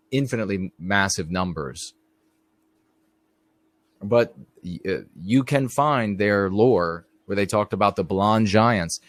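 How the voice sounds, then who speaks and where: Here a middle-aged man runs a live stream, telling meandering stories casually and talking right to the people watching. His pitch is fairly low, with no room sound audible.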